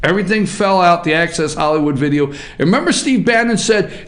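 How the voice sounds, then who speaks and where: A man hosting a political opinion talk show, loud and jokey, now and then breaking into song. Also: sits high, animated, normal speed, few pauses.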